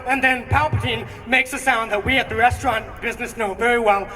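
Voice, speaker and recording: A young man doing stand-up comedy on a theatre stage, excitable and rambling with many fillers. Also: extremely high pitch, brisk, big-room sound, music in the background. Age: young adult. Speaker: student comedian. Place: theatre stage before an audience. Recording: distant stage recording with audience.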